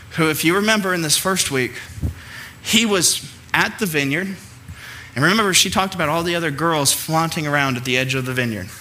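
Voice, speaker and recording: Middle-aged male pastor, bright forceful tone, chatty animated sermon delivery. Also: fairly high pitch, slight background noise. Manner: animated, conversational preaching with playful asides.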